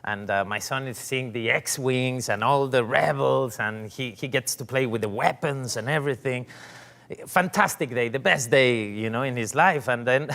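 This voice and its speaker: Man, bright forceful tone, laughing storyteller, casual interview. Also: mid-range voice, gravelly. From Mexico. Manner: animated storyteller, laughs often. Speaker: actor interviewee.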